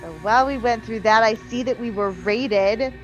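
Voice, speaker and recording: A woman running a tabletop horror game as game master and stream host, narrating in a hushed spooky voice with many ums. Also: a little high, normal speed, highs cut off, faint music behind.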